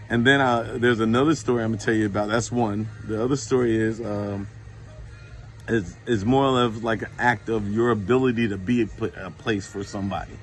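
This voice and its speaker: A man casually telling true faith stories, informal and lively when he retells what people said. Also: medium pitch, brisk. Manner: informal, animated when retelling dialogue, many fillers. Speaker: Christian storyteller. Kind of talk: casual testimony to a phone camera.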